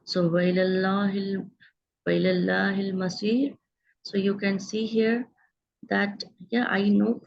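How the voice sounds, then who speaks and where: Gravelly-voiced woman teaching grammar. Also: mid-range voice, a little mellow, dull audio. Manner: patient, explanatory, checks in with students. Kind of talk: online grammar lesson.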